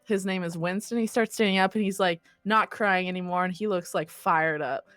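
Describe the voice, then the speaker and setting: A young woman running a tabletop role-play as game master, narrating in a quick, chatty way and laughing often. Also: on the low side, steady tone, a bit bright, no room sound, soft background music.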